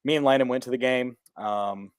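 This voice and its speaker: A man co-hosting a college football podcast, chatting casually at a mid pitch. He rambles, restarts his sentences and often sounds flat even when he is excited. The recording is dry and close. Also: normal speed, clear, resonant tone, no echo. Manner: rambling, self-interrupting, flat delivery he jokes about. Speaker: podcast co-host. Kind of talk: casual sports chat.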